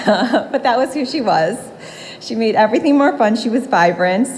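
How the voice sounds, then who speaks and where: A woman's voice: fairly high pitch, expressive, normal speed, slight background noise, low-quality recording. A woman in her forties giving a eulogy for her grandmother in a funeral home room, telling fond stories and laughing between memories.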